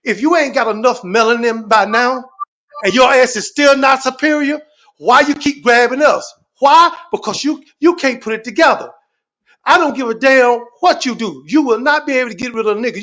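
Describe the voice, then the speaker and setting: A man's voice: very high voice, normal speed. A man telling stories in a fired-up, profane rant on a livestream, swearing constantly and exaggerating for laughs. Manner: animated, repetitive, swearing constantly, comic exaggeration.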